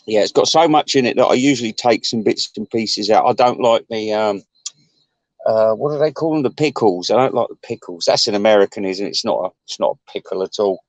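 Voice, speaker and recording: A man's voice: a little fast, no echo. Rambling sweary Englishman. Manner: rambling, sweary, chuckling often, voice jumping up high. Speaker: host chatting to viewers. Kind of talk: casual rambling chat.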